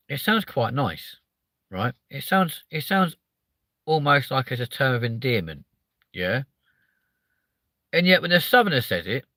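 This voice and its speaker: A man's voice: medium pitch, moderate pace, long pauses, no room sound. Hyper, swearing southern English man. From southern England. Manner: hyper, animated, swears a lot. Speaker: live stream host. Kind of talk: casual live-stream chat, reading viewer comments.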